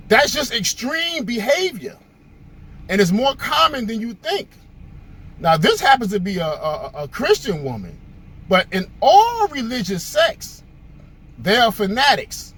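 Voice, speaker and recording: A man's voice: extremely high pitch, wildly swooping pitch, unhurried, a bit bright, slightly rough. A male host giving a casual, conversational monologue, telling stories with frequent fillers.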